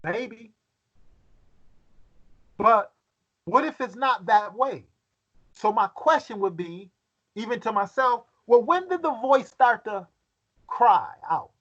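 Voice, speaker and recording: A man with a fairly high voice leads a Bible study, reading scripture aloud and then questioning his listeners. He often halts and repeats words as he thinks, and the recording sounds dull and lo-fi. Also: expressive, slow pace, long pauses, fairly bright tone.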